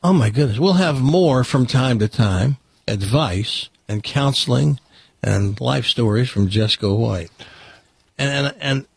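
Southern American man, talk radio host, lively swooping delivery, slightly husky, dry close sound. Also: mid-range voice, measured pace, no echo. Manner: animated storyteller, restarts and stammers. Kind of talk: casual talk radio chat.

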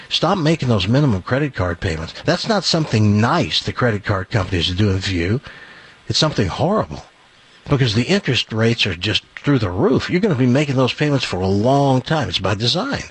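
A middle-aged man hosts a radio show, telling a joke in a loose, rambling way and then moving into a live ad read. His voice is a little husky and his pitch moves a lot as he talks. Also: very animated, brisk. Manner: chatty, rambling, chuckling at his own jokes.

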